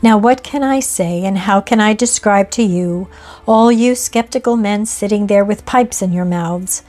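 A woman reading a ghost story aloud in a measured, expressive way. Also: medium pitch. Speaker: narrator. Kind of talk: scripted ghost story narration.

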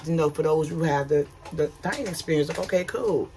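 A woman's voice: sits low, fairly quick, a little mellow, a little hiss or hum. Chatty woman vlogging a cruise. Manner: chatty, candid, uses y'all. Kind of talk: casual travel vlog chat. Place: outdoors on shore, then aboard a ship.

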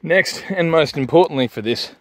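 A man's voice: fairly high pitch, animated, normal speed, noisy background. An Australian man doing a crude, swearing casual review vlog of drinks and snacks, full of larrikin banter.

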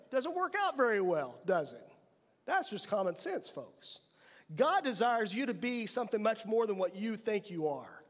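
High-voiced man preaching in a reverberant church. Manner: animated preaching with rhetorical questions. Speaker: pastor. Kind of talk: sermon. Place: church sanctuary. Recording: long church hall reverb.

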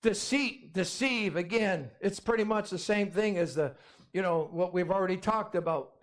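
A man with a high, ringing voice preaches with insistent, repetitive emphasis. He drives points home by repeating phrases and punctuating them with amen. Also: normal speed, a bit bright. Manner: emphatic, repetitive, calls for amens. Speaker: pastor. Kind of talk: sermon.

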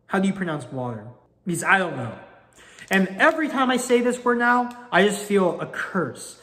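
A man's voice: high-pitched, lively intonation, normal speed, pushed and bright, long reverb tail. A young man in his late teens telling a story in a casual, exasperated, swearing way. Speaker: vlogger.

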